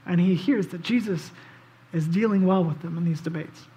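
A man preaching a casual, conversational sermon as pastor. He tells the story in an animated way and often says "like" and "um". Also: sits high, moderate pace. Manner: animated storytelling, acts out quoted voices; casual, with frequent "like" and "um".

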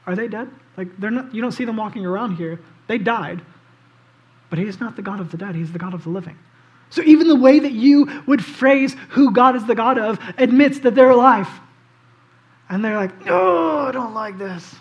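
High-voiced, animated male pastor. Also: brisk, muffled recording. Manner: animated storytelling, acts out quoted voices; casual, with frequent "like" and "um". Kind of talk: conversational sermon.

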